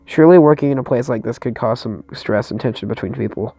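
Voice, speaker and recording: A man reads a story game aloud in the first person, tripping over words and starting them again. His voice is gravelly, and the recording is close and dry with no room sound. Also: mid-range voice, fast talker, mellow, dry recording, rough recording. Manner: stumbling over words, restarting. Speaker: narrator and player.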